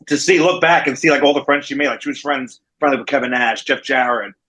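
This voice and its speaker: In a casual remote interview, a male wrestling manager with a New Jersey accent recounts stories and imitates the people he quotes. His mid-range voice is quick, bright, forceful and slightly rough, and the recording quality is low.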